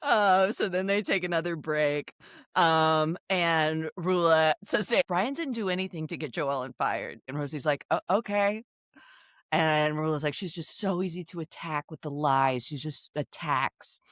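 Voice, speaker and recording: A woman co-hosting a casual recap podcast, telling the story in an animated way and acting out quotes with frequent laughter. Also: sits low, unhurried, no room sound, clean studio sound. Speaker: podcast co-host.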